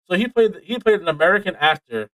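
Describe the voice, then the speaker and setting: A man co-hosting a casual podcast, telling stories with animated energy, plenty of swearing and laughter. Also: high voice, quick pace, no echo, low-quality recording. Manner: animated storytelling, heavy swearing, frequent laughs. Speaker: podcast co-host. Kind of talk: casual chat.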